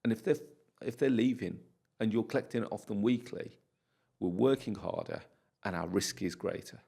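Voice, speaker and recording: Low gravelly-voiced man telling stories. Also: moderate pace. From United Kingdom. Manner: animated storyteller, acts out dialogue. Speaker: podcast guest, property landlord. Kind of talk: casual podcast interview.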